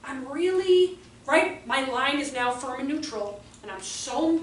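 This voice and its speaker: A high-pitched woman gives a lively workshop to a room of teachers and keeps breaking into acted-out voices and shouts. Her voice carries a roomy echo and is picked up from a distance. A faint hiss sits underneath. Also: a little slow. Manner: animated, acts out voices and exclamations. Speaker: early childhood trainer. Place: room with a live audience.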